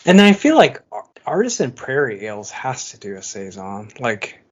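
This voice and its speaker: A man's voice: medium pitch, big pitch swings, moderate pace, highs cut off. A man co-hosting a podcast in casual chat, talkative, laughing often and filling his speech with "like". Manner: chatty, laughs often, lots of "like" fillers. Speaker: podcast co-host.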